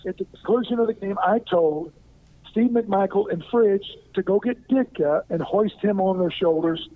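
An older man from Arkansas, a former pro football player, telling a lively story as an interview guest and acting out what people said. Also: high-pitched, normal speed. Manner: lively anecdotal storyteller who acts out quoted lines. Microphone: phone. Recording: tinny phone line.

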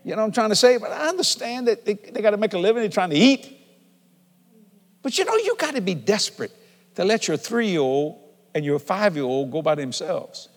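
Middle-aged guy preaching in a big church, kinda high voice, folksy then hollering, long hall echo. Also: big pitch swings, a little fast. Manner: folksy, building from conversational to shouting. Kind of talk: sermon. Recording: long reverb of a large hall.

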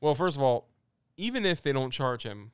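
A man's voice: medium pitch, very animated, normal speed, clear, resonant tone, dry recording, clean studio sound. A man co-hosting a casual podcast chat, swearing freely and trading sarcastic banter with his friends. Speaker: podcast co-host.

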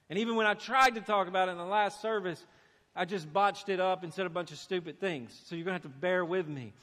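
A man preaching a sermon in a church, animated and acting out the voices he quotes. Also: high voice. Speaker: pastor. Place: church sanctuary. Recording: long hall reverb.

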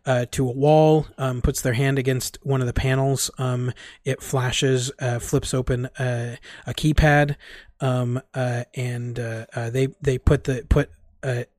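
A man's voice: medium pitch, little pitch movement, a little mellow, dry recording. Guy running a tabletop game, lots of ums and likes, dry sound. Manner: halting, full of fillers like "um" and "like". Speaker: game master.

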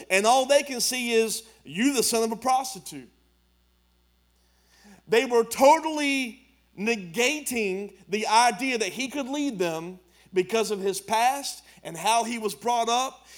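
A man, preaching a sermon as pastor, building to emphatic declarations in plain colloquial speech. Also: very high voice.

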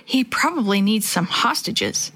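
A woman's voice: medium pitch, animated, a little slow, fairly bright tone, breathy edge, full character voice. A woman voicing a cheeky, teasing young boy. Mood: spooky teasing. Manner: teasing, playful.

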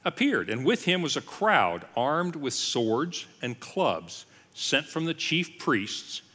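A man's voice: a little high, big pitch swings, slow pace, sharp tone, big-room sound. A man, a pastor, teaching a Bible passage in a sermon style, telling the story with casual asides and voicing the quoted lines.

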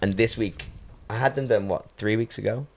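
Young male podcast host, lowish voice, chatty and jokey storyteller. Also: moderate pace, vocal fry, a little mellow, a little hiss or hum. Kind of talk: casual podcast chat.

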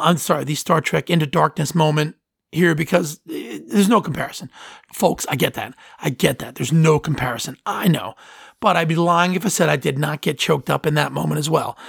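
A man's voice: on the high side, gravelly, a bit bright, slightly rough, no room sound, clean studio sound. A man hosting a solo podcast in casual talk, earnest and sentimental, rambling and often interrupting himself. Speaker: podcast host.

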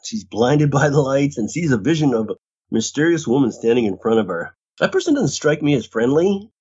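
A man's voice: mid-range voice, big pitch swings, a little fast, a little mellow, slightly rough. A man co-hosting a podcast, recapping a TV episode in casual chat and laughing often. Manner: reads recap, laughs often, mimics characters. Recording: dull lo-fi audio.

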